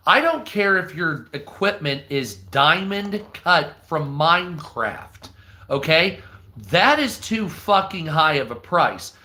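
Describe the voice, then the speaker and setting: Ranting, profane man with a bright edge. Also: sits high, big pitch swings, slow pace. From United States. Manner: profane, heated, rambling. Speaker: live stream news commentator. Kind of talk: ranting live stream commentary.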